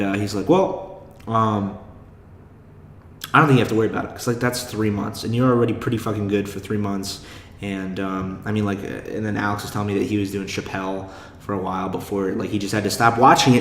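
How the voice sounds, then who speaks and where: A man's voice: fairly low pitch, a little hiss or hum. A young man hosting a podcast, talking in a rambling, self-deprecating way with lots of fillers and swearing. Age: young adult. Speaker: podcast host. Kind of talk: casual monologue. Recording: echoey room.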